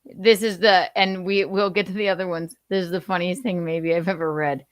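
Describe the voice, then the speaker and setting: A woman's voice: lowish voice, steady tone, a little fast, dry recording, studio quality. A woman hosting a podcast, joking and teasing her mother in casual chat. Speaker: podcast host.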